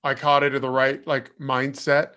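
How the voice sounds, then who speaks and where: A man co-hosting a podcast, reviewing a film in a relaxed, halting way with "uh" and "um". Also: mid-range voice. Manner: relaxed, hesitant with "uh" and "um". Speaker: podcast co-host. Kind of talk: casual review chat.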